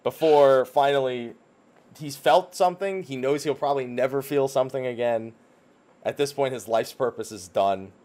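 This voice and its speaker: Male podcast co-host, mid voice, lively profane storyteller recapping a game plot. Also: medium pitch, normal speed. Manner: animated retelling, swears freely, acts out characters' lines. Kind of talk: casual chat recapping a video game story.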